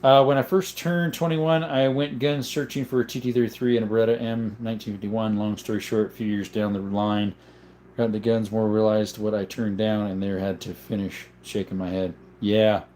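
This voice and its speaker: A man's voice: lowish voice, flat delivery, normal speed, darkish tone, slight background noise. A young adult man hosting a casual livestream, reading viewer comments aloud and answering them in a loose, conversational way. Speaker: livestream host.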